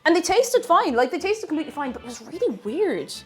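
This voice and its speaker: A woman's voice: high voice, very animated, fast talker, faint music behind. A young woman with a Tipperary Irish accent, chatting casually with her livestream chat while she cooks, giggling and greeting viewers. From Tipperary, Ireland. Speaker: cooking streamer.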